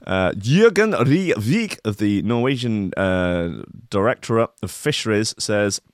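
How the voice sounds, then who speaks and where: A man with a lowish, sing-song voice hosts a radio show, reading a news story a little slowly and ranting about it with sweary, sardonic mock outrage. The recording is clean studio sound with no room echo.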